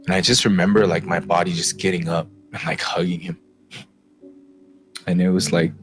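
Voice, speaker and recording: A man's voice: deep voice, fairly even intonation, moderate pace, over music. A man telling a personal testimony as a guest, emotional and acting out what others said. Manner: emotional storytelling, acts out quoted voices.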